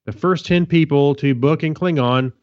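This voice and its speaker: A man's voice: on the high side, moderate pace, a little mellow, lo-fi sound. A man co-hosting a casual podcast, reading a news item with playful asides. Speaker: podcast co-host.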